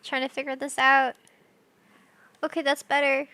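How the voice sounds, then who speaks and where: A woman's voice: high voice, monotone, normal speed, bright, forceful tone, no room sound. A young woman streaming live, chatting casually with her chat. She talks in a bubbly, scatterbrained, giggly way.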